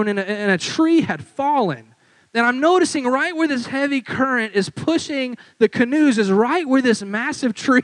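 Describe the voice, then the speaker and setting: A young man who is a youth pastor, preaching with lively storytelling and acting out quotes. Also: very high-pitched, dry recording, low-quality recording. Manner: animated storyteller, acts out quotes. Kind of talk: sermon with storytelling.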